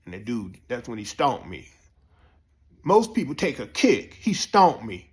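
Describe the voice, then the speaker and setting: A man telling a profane comic story, jumping up high when excited. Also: measured pace. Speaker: comedian storyteller. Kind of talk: comic monologue.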